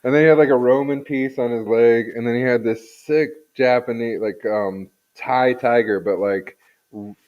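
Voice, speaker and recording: A man's voice: medium pitch, fairly even intonation, moderate pace. Man chatting over dull lo-fi audio. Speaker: podcast guest. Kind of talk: casual podcast chat.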